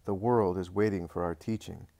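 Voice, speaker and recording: A man reading the lines of Jesus as a calm, patient male teacher in a religious audiobook. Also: low voice, gravelly, no room sound. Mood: gently instructive. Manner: measured, patient, reassuring.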